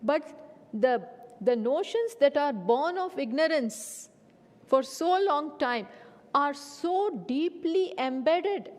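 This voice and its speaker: A woman teaching Vedanta in a spiritual lecture. She asks rhetorical questions, answers them herself and repeats key phrases deliberately. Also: sits high. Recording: long hall reverb.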